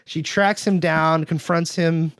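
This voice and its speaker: A man's voice: a little high, steady tone, takes it slowly, fairly bright tone, clear, resonant tone, no echo, clean studio sound. A man hosting a podcast, casually recapping a film and acting out the characters' lines in raised voices. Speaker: podcast host.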